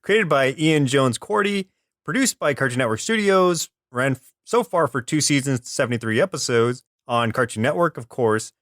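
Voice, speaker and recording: A man's voice: mid-range voice, animated, normal speed, fairly bright tone, no room sound, clean studio sound. A man co-hosting a cartoon podcast, chatting casually and playfully, with jokey put-on voices. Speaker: podcast co-host. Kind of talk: casual chat.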